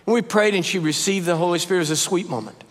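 Older male preacher, storytelling sermon, pitched high, long reverb of a big sanctuary. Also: racing. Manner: animated, rising to high emphatic peaks. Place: church sanctuary.

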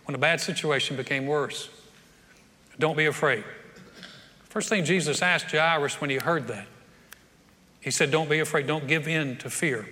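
A man's voice: fairly high pitch, moderate pace, long pauses, sharp tone. A man preaching a sermon in a folksy, joking, conversational way, now and then acting out what people say. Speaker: pastor. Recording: reverberant hall.

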